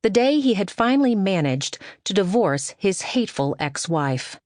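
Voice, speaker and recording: A woman narrating an audiobook in a measured, expressive reading style, recorded in a studio. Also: medium pitch, dry recording.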